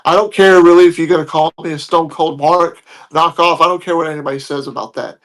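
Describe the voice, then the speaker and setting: A man's voice: a little high, steady tone, fast, fairly bright tone. A man telling a story in a casual, blunt, heated way, swearing freely. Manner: blunt, profane, heated retelling. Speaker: podcast guest telling a story.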